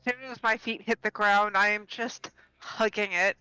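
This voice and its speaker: A tabletop game player with a bright, crisp voice, casually narrating what their character does. The sound is dry and close. Faint music runs underneath. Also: mid-range voice, steady tone, normal speed, no room sound, rough recording. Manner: casual, describes own actions.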